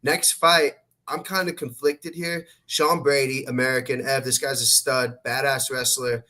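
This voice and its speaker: A man's voice: medium pitch, flat delivery, sharp tone. A man hosting a casual sports podcast, talking brashly and swearing a lot as he previews fights. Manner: brash, profane, fast-talking. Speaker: podcast host.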